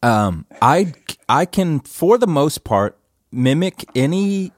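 A man hosting a casual podcast chat from a church office, laid-back and self-deprecating, often trailing off into quiet asides. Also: fairly high pitch, very animated, slow, dry recording. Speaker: podcast host.

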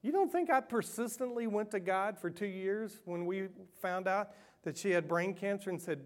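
A middle-aged man preaching a sermon, animated and self-mocking, moving between hushed earnest stretches and loud playful ones. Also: sits high, moderate pace, hardly any pauses. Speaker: pastor.

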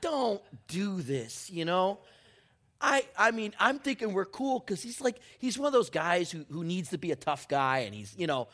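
Man, pastor, sermon in church, storytelling, joking, hushed at the end. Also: high voice, animated, moderate pace. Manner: storytelling, joking, then softening to a hushed close.

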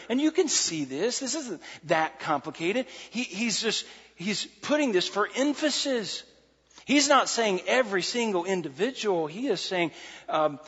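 A man preaching a sermon as pastor, animated and repeating key phrases for emphasis. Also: high voice, breathy edge. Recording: muffled sound in a large reverberant hall.

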